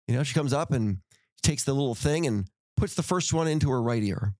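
A middle-aged man hosts a podcast and talks in an animated, storytelling way, acting out the heated lines he quotes. His voice sits a little high for a man, and the recording is close and dry. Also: fast, dry recording. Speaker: podcast host. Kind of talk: casual podcast conversation.

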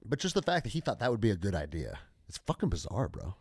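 Lively low-voiced male podcast host. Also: fast, gravelly, breathy edge, no echo, studio quality. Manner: lively, profane, conversational. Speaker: podcast host, military veteran. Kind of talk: casual podcast conversation.

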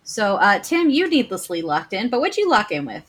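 A woman's voice: mid-range voice, big pitch swings, normal speed, breathy edge. A woman hosting a trivia game, reading questions aloud and playfully teasing the players.

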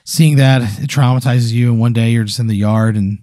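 A man's voice: mid-range voice, fairly even intonation, brisk, dark tone, no echo, clean studio sound. A man hosting a comedy podcast, telling a long absurd hypothetical story full of acted quotes and frequent laughs.

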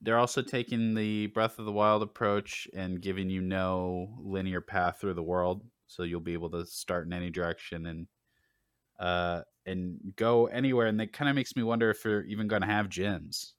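A man hosting a casual gaming podcast, relaxed and joking, with lots of fillers. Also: low-pitched, moderate pace, clean tone, no room sound, clean studio sound. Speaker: podcast host.

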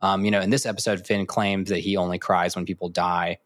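Deep-voiced podcast co-host rambling through trivia. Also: male voice, little pitch movement, a little fast, dry recording, clean studio sound. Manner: rambling, filler-heavy delivery of trivia. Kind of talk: casual chat.

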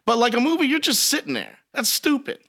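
Podcast host, male, animated and bright, profane storyteller. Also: very high-pitched, a little fast, creaky. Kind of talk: casual podcast banter.

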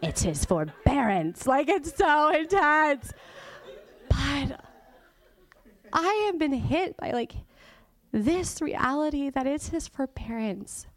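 A woman's voice: high voice, slow, pauses often. A woman giving a sermon in a chatty, informal way, laughing often and dropping to a whisper to make a point. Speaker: guest church teacher. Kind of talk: conversational sermon.

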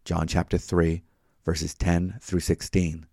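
A man reading a sermon in a measured way, citing chapter and verse as he teaches. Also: low voice, flat delivery, mellow, husky, no echo, studio quality. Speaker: Bible teacher. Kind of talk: read sermon.

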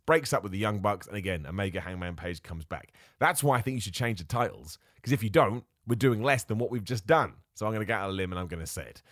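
A man hosts a solo podcast of casual wrestling chat, rambling, opinionated, and prone to asides. His voice is lowish with a fairly bright tone, recorded in studio quality with no echo.

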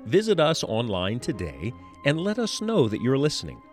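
A male radio announcer reads a scripted outro. His voice is lively and moves a lot in pitch, and soft music plays quietly underneath. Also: moderate pace. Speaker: program announcer.

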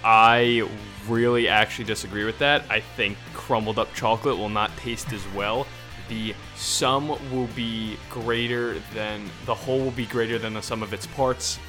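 A man's voice: on the low side, fairly even intonation, moderate pace, hardly any pauses, over music. A man hosting a casual podcast chat, easygoing and rambling as he defends his opinions. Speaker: podcast host.

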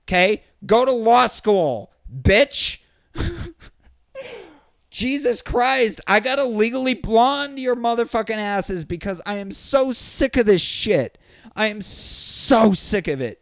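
A man's voice: animated, takes it slowly, dry recording, clean studio sound. A man hosting a show, delivering an exasperated, profane ranting monologue and slipping into mocking impressions. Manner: exasperated, swearing, with mocking high-pitched impressions. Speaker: podcast host.

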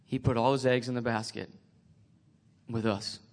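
A man sharing a personal faith testimony, emotional and tearful, halting with many restarts. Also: mid-range voice, fairly even intonation.

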